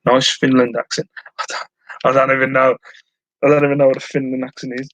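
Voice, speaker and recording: A man's voice: mid-range voice, little pitch movement, fairly quick, a bit bright, no room sound, rough recording. A chatty man talks to viewers while he packs orders at home, humming little tunes between remarks. His voice sits in a middle range and sounds dry and close. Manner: chatty, hums to himself while working. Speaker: online reseller streaming live. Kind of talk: casual live-stream chat while packing orders. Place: at home, indoors.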